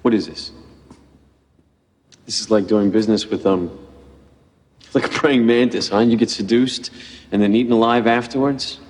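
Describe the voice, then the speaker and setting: An actor playing a bitter, betrayed young tech founder. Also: male voice, fairly low pitch, moderate pace, pauses often, a little mellow, long reverb tail, lightly acted. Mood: indignant. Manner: clipped, bitter, sarcastic. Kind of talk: film drama.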